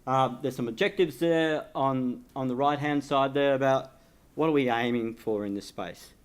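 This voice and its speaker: A man presents to an industry breakfast seminar at a middling pitch. He speaks steadily, pausing on fillers and restarting phrases as he goes. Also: clean tone. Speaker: government department manager presenting. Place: conference venue.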